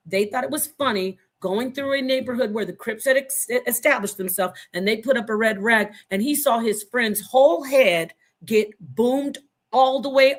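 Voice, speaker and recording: A woman in her fifties from Phoenix, Arizona, speaking as a panelist in an online forum. She argues heatedly and confrontationally, swears freely, and rambles, repeating and restarting her phrases. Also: fairly high pitch. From Phoenix, Arizona, USA. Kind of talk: heated opinion talk.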